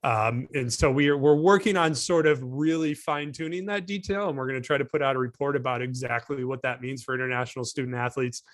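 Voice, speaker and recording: A man's voice: mid-range voice, brisk, few pauses, dry recording, studio quality. A man co-hosting a casual sports panel discussion, thinking aloud in rambling sentences with many restarts. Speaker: co-host.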